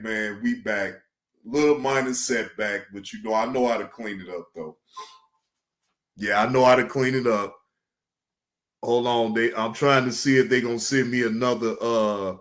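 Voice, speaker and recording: A man chatting loosely and profanely on a live stream. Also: roomy sound. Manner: loose, animated, profane, slangy, mimics others in high voice. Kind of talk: casual live stream chat.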